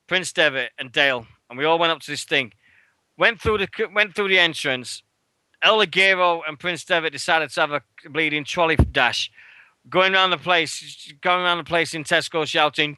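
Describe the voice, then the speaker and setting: A British man hosting a wrestling radio show, telling a rambling, swear-filled anecdote and shouting out the quoted lines. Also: fairly high pitch, clean tone, dry recording. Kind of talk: casual storytelling chat.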